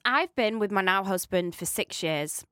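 A woman's voice: mid-range voice, expressive, normal speed, sharp tone, smooth, no room sound. A woman co-hosting a casual podcast chat. She is chatty, keeps interjecting and giggles often. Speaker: podcast co-host.

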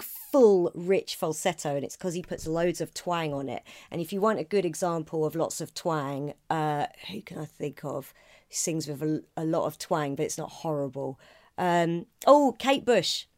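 A woman who co-hosts a podcast, a singer and comedian, chatting casually about vocal technique with frequent laughter. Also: lowish voice. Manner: animated, laughs often, breaks into sung demonstrations.

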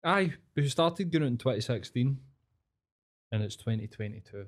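A man's voice: mid-range voice, expressive, normal speed. A young Scottish man co-hosting a podcast, swearing freely and chatting in a laid-back way. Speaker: podcast co-host. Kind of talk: casual chat.

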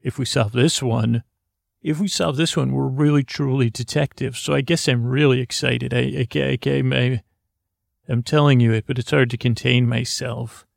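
A man spins a loose, improvised story, drifting along with plenty of pauses and restarts. His voice is gravelly and stays almost level in pitch. The sound is dry and close to the microphone. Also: fairly even intonation, no echo. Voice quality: meandering, halting with many fillers and restarts. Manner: soft, drowsy and gentle. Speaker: storyteller narrating as a character. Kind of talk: improvised rambling bedtime-style storytelling.

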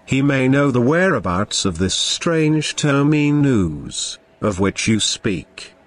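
A man's voice: mid-range voice, very animated, takes it slowly. A man voicing Ologia, a sensible, observant adventurer who speaks in a formal, old-fashioned way.

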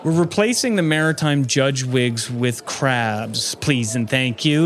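A man's voice: medium pitch, slow pace, few pauses, a bit bright. A man hosting a comedy podcast, reading a silly countdown in a mock-serious tone. His voice sits in an ordinary middle range.

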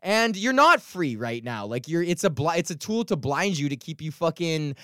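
A man's voice: on the high side, very animated, moderate pace, bright, forceful tone, dry recording, studio quality. Profane ranting man from Canada. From Edmonton, Canada. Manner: profane, ranting, heavy swearing; rambling with restarts and fillers. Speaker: podcast host, stand-up comic. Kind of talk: solo comedic rant.

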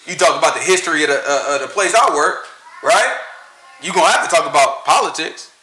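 A man's voice: on the high side, lively intonation, a little fast, bright, forceful tone, echoey room, faint music behind, rough recording. A man with a Southern American accent, talking in a casual rant full of preachy rhetorical questions and laughing at his own points. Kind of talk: casual ranting monologue.

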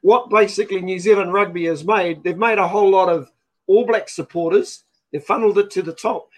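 A man's voice: high-pitched, steady tone, brisk. A man on a rugby chat panel who cuts in and stammers through restarts. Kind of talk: sports chat.

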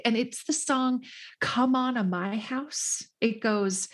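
A woman host telling a story in casual chat, animated and quick to laugh, acting out what people said. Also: a little high. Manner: animated, laughing, acts out quotes in voices. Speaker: podcast host.

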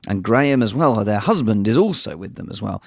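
A man hosting a podcast in casual chat, an animated storyteller who swears freely and acts out voices. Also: fairly low pitch, brisk, creaky, dry recording, clean studio sound. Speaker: podcast host.

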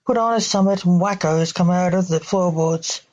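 A woman's voice: lowish voice, normal speed, a little mellow, close to an everyday voice. A woman voicing an eager young man in her own plain reading voice.

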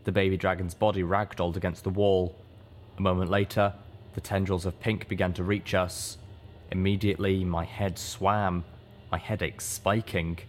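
A man narrating an audiobook in a measured, steady reading voice. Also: sits low, a little hiss or hum. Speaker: audiobook reader.

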